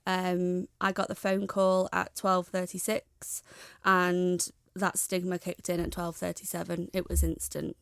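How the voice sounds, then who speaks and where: A young woman, a guest in an interview, speaking frankly and reflectively in a steady way. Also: lowish voice, a little slow, vocal fry, clean tone, no room sound, clean studio sound. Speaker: guest, charity founder. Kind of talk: candid interview talk.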